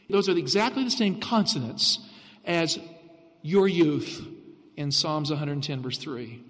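A man preaching a radio sermon, reading scripture slowly and with emphasis. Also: fairly high pitch, expressive, big-room sound. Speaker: pastor.

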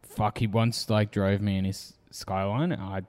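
A man with an Australian accent hosting a podcast, telling crude, animated stories full of swearing. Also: fairly low pitch, normal speed, big-room sound. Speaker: podcast host. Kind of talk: casual chat.

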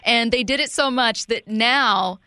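A woman co-hosting a sports talk show, with a bright, clear voice recorded dry in the studio. She asks questions playfully and laughs easily between them. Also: on the high side, a little slow, dry recording. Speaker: radio co-host. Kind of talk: sports radio chat.

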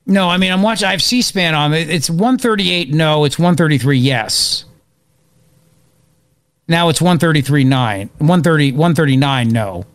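Excitable radio host man. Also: fairly high pitch, normal speed, dry recording, studio quality. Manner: excitable, rambling, opinionated. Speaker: radio talk show host. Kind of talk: live political talk radio.

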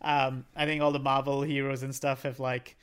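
Teasing podcast host, smooth voice. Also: male voice, medium pitch, little pitch movement, moderate pace, fairly bright tone. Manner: teasing, jokey, swears casually. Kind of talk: casual chat.

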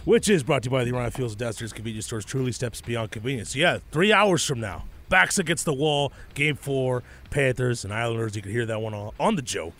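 A man's voice: mid-range voice, a bit bright, slight background noise. A man co-hosting a sports radio show, chatting casually and reading sponsor lines. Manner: quick, reads sponsor lines.

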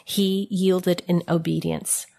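A woman giving a devotional sermon in a gentle, reassuring way, sometimes dropping to soft, tender tones. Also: fairly low pitch, flat delivery, takes it slowly, gravelly. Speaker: preacher.

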